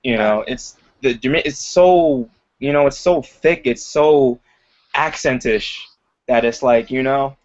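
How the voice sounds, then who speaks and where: A young man in the middle pitch range talks loosely as an interview guest, filling his sentences with "like" and "you know." He laughs easily as he goes. The audio sounds dull and lo-fi. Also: a little slow. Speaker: guest, aspiring comedian. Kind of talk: casual interview chat.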